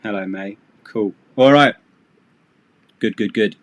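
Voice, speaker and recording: A man's voice: lowish voice, slow, pauses often. A middle-aged man leads a live English class. He explains phrasal verbs and idioms in a loose, joking way. He keeps slipping in sarcastic asides. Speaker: English teacher. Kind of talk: live-streamed English lesson.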